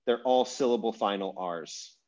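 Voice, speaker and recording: A man teaching an online language class over a video call, talking in a relaxed, rambling way with fillers and restarts. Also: fairly low pitch, normal speed. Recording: dull lo-fi video call audio.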